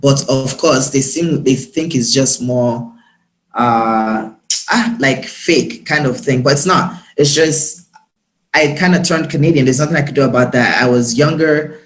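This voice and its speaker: A young man from Nigeria, a guest talking in a casual interview, quick and emphatic. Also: mid-range voice. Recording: roomy echo.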